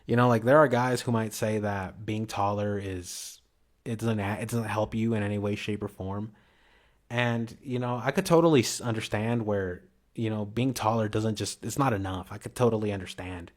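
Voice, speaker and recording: Rambling slangy man, lowish voice. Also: fairly even intonation, moderate pace. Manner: slangy, full of "you know" and restarts. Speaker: vlogger. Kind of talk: rambling casual monologue.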